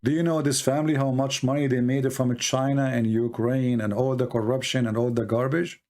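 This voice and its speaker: A man's voice: mid-range voice, little pitch movement, a little fast, a little mellow. A man debating religion and politics in a combative, mocking way, firing rhetorical questions in non-native English. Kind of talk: live call-in debate commentary.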